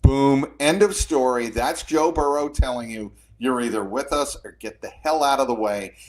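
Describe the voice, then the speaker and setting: A man co-hosting a sports podcast, speaking in a measured way and closing his points with short, firm remarks. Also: mid-range voice. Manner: measured, punchy, firm declarations. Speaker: podcast co-host. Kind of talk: casual sports talk.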